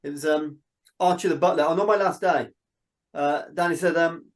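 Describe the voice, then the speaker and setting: A man, a filmmaker guest in a casual interview, telling animated stories and acting out what people said. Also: a little high, moderate pace. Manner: animated storyteller, quotes people in dialogue.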